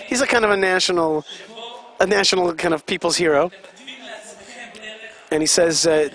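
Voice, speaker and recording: A high-voiced man gives chatty live commentary at an event. He keeps explaining what is going on and quizzes his listeners. Vehicle noise can be heard outside behind him. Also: normal speed, long pauses, a bit bright. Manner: chatty, explaining, asks the audience questions.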